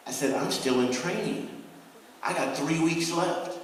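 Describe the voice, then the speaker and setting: A man's voice: on the high side, slow, long pauses, slight background noise. A middle-aged man from the United States tells a motivational story to students, switching between voices as he acts out each exchange. He is heard from far off, and the sound echoes heavily around a large hall. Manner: animated storyteller acting out dialogue. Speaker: guest speaker. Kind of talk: motivational speech. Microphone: far from the recording mic.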